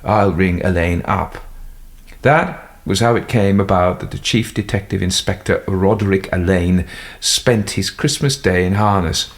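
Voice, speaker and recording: A man narrating a classic detective story in a measured storytelling manner. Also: low voice. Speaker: audiobook narrator. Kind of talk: scripted narration.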